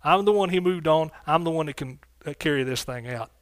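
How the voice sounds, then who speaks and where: A man's voice: fairly high pitch, brisk, no room sound, clean studio sound. A man preaching a sermon as pastor, fervent and exclaiming, calling out to his congregation. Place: church sanctuary.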